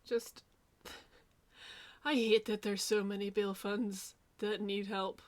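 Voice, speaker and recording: A woman's voice: medium pitch, level tone, slow. Rambling woman hosting a stream. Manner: rambling, lots of fillers and restarts. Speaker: host. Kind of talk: casual livestream chat.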